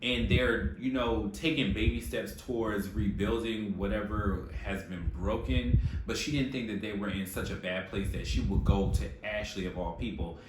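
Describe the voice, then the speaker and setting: A man's voice: on the low side, steady tone, moderate pace, few pauses. A man giving a casual, opinionated TV recap, sassy and profane, full of slang. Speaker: reality TV recap host. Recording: echoey room with faint noise.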